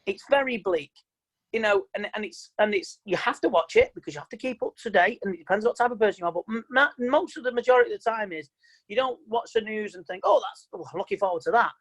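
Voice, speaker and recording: In a video-call seminar, a man coaching mindset talks emphatically and plainly, repeating his points to motivate listeners. He has a high, fairly bright voice and a quick pace, and the audio is poor.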